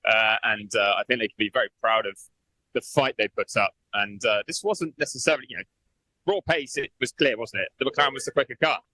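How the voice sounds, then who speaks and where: A man's voice: mid-range voice, brisk, pushed and bright, low-quality recording. A man reporting live from the pit lane for a radio show, chatty and hesitant, with many fillers.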